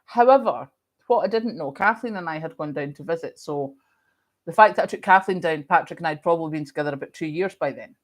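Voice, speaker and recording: A middle-aged woman with a Scottish accent chats through a livestream, answering viewers in a lively, storytelling manner. Her voice sits a little low for a woman. She has a lingering cough. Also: fast talker. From Scotland. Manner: chatty, animated storytelling. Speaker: livestream host. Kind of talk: casual chat reading viewer comments.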